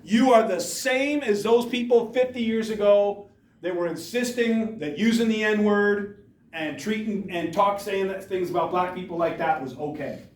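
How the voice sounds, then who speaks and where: In an echoey school hall, recorded from afar, a man whose voice sits high speaks at a normal speed. He gives students an emphatic motivational talk, firing rhetorical questions at them.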